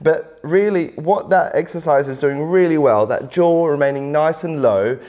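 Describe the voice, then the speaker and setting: A man working as a vocal coach, calmly explaining and demonstrating a singing warm-up in an instructional lesson. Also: fairly high pitch, normal speed. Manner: calm, encouraging explanations with sung demonstrations.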